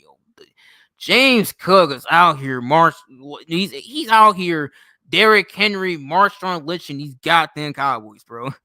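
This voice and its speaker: Young man, livestream host, from New York State, rambling and swearing, bright clear tone, dry close sound. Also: mid-range voice, no echo. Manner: rambling, profane, loose and chatty. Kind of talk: casual livestream chat.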